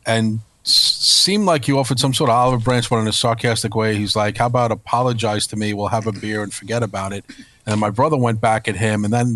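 A man's voice: lowish voice, fairly bright tone, dry recording. A man co-hosting a podcast, telling a story in a rambling, casual way with swearing and restarts. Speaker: podcast co-host. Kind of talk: casual chat.

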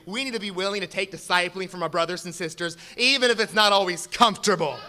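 A man preaching a sermon to a congregation, moving from quiet explanation to shouted exhortation. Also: high voice, fast talker, a little hiss or hum.

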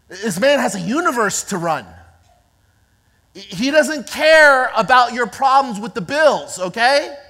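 A self-important religious bystander hushes and lectures, swinging between hushed scolding and loud sternness, as a woman preacher puts him on. The voice jumps around in pitch and rings with the long reverb of a big hall. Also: full character voice.

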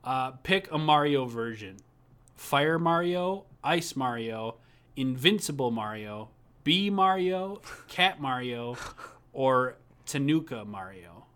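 A man's voice: medium pitch, lively intonation, slow pace, a bit bright, smooth. A young man from Minnesota co-hosting a casual chat, joking, laughing often and swearing offhandedly. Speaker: podcast co-host.

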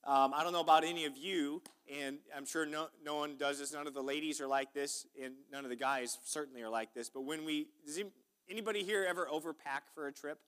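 A man's voice: fairly high pitch, fast talker, a bit bright. A male pastor, preaching a sermon in a church sanctuary in a folksy, chatty way and calling out to the congregation. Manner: folksy, chatty preaching with audience call-outs.

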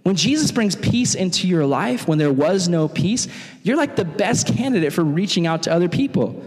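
A man's voice: high voice, normal speed, big-room sound. A young adult man giving a casual, chatty storytelling sermon as a youth pastor, acting out quotes as he goes. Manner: chatty, animated, acts out quotes.

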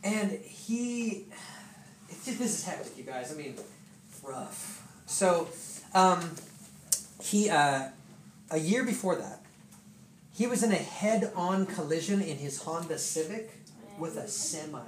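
A pastor telling a sermon story in a lively, laughing way, full of fillers. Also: medium pitch, slow pace, pauses often. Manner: animated, laughing, many fillers. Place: church hall with congregation. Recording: echoey hall, distant, noisy.

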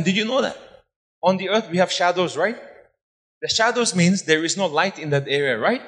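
Man, pastor, fervent sermon, repeats phrases, soft to loud, slightly high voice, long hall reverb. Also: lively intonation, normal speed. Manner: impassioned preaching, swinging from soft to loud, repeating phrases for emphasis.

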